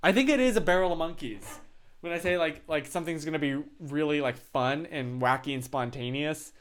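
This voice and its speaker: A young man with a hoarse, raspy throat, chatting casually on a live stream in a rambling, self-mocking way. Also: on the high side, a little fast, fairly bright tone.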